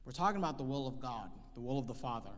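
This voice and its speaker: A man's voice: medium pitch, expressive, a bit bright. Guy preaching a sermon in a church, repeats stuff for emphasis, big echo. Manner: emphatic preaching, reads scripture slowly, repeats key phrases. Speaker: pastor. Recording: long hall reverb.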